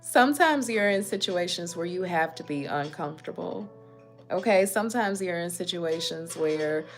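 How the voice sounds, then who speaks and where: A woman's voice: lowish voice, animated, moderate pace, soft background music. A woman hosting a mental health talk, speaking emphatically and directly to her listeners. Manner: emphatic, preachy, talks straight to listeners. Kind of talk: casual motivational talk.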